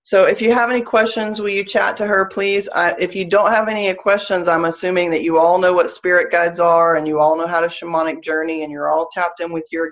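A woman with a low voice and a Southern US accent teaches a live online class on spiritual practice, and the sound is lo-fi. She's earnest and explanatory, repeating her key phrases.

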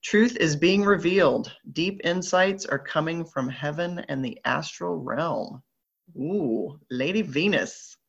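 A woman's voice: sits low, takes it slowly, creaky, slightly rough. A woman with a Southern American accent, chatting upbeat and playful as she leads a live online group and reads oracle cards aloud. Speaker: spiritual group leader. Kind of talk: live online card reading. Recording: slightly dull lo-fi audio.

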